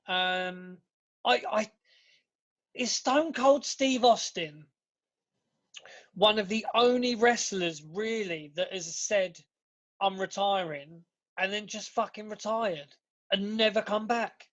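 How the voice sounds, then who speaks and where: A man's voice: sits high, steady tone, slow pace, fairly bright tone. A man co-hosting a podcast, chatting casually, swearing a lot and restarting his sentences. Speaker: podcast co-host. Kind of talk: casual chat. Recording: dull lo-fi podcast audio.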